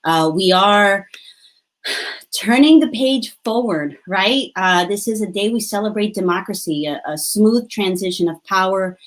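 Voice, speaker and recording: A woman's voice: mid-range voice, unhurried. A woman hosting a live-streamed talk show, upbeat and openly emotional, with many fillers. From United States. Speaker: host.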